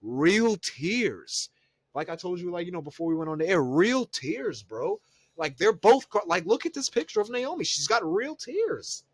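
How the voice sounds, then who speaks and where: A man co-hosting a podcast in casual chat, telling stories in a profane, slangy way, his voice jumping high when he gets excited. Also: moderate pace, husky, dry recording. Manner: animated storytelling, voice jumps high when excited. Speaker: podcast co-host.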